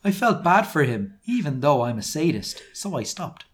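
A man's voice: a little high, moderate pace. A British man co-hosting a comedy podcast, reading a fan fiction aloud with dramatic flair. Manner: lively dramatic reading with silly put-on quotes. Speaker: podcast co-host.

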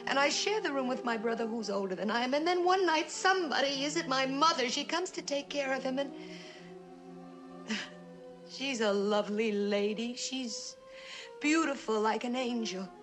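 A high, tearful young woman in a stagey old film. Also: animated, normal speed, over music. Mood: haunted. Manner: tearful, melodramatic monologue. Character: distraught young woman reliving buried childhood terror. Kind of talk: 1950s stagey film acting.

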